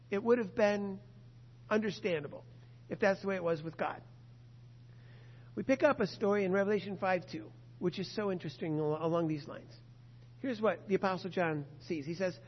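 A man preaching a sermon and reading a story aloud, earnest and emphatic, slowing down on key words. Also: high-pitched. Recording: muffled sound in a reverberant hall.

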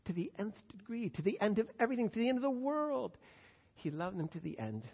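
An older man, a grandfather, preaching an earnest sermon that rises to loud emphasis on key words. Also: high-pitched, big pitch swings, a little fast, vocal fry, husky. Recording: dull long-reverb hall sound.

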